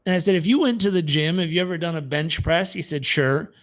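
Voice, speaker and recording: A man's voice: a little high, brisk, a bit bright. A man running a live motivational coaching session with an emphatic, repetitive delivery, often stumbling and restarting his sentences. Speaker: performance coach.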